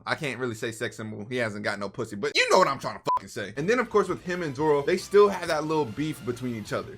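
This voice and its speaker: A young man giving a brash, slangy, profanity-filled commentary on a TV show. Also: on the high side. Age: young adult. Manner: brash, animated, swears constantly, slangy. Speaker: YouTuber reviewing a TV show.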